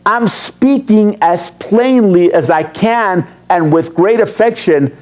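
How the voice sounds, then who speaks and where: A man's voice: sits high, slow pace, hardly any pauses, a little mellow. A man preaching a sermon as pastor, teasing and quizzing his congregation. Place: church sanctuary.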